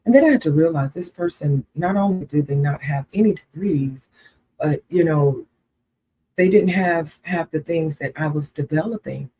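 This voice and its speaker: A woman's voice: sits low, moderate pace, dark tone, slightly rough, rough recording. A woman co-hosting a casual livestream chat, earnest and repeating herself for emphasis. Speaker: co-host.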